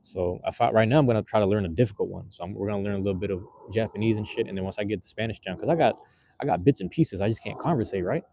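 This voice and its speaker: A man's voice: lowish voice, racing, creaky, mellow, a little hiss or hum. A man streaming from his phone outdoors, chatting casually with his viewers in loose, slangy, rambling talk. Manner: loose slangy rambling, many fillers and restarts. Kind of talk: casual live-stream chat. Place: outdoors on the street. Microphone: handheld phone.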